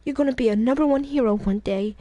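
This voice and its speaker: A woman's voice: on the high side, fast, mellow, dry recording, lightly acted. A woman voicing a doting, proud mother in a raised, gushing voice.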